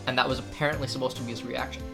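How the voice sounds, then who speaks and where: A woman's voice: extremely low pitch, steady tone, very fast. A woman streaming a game, chatting casually and explaining things to viewers in a self-deprecating way. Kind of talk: casual gaming stream chat. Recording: game music clearly behind.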